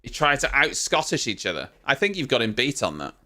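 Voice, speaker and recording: A man's voice: medium pitch, very animated, fairly quick, sharp tone. A man hosting a live stream, giving casual reaction commentary with chatty, teasing banter and casual swearing.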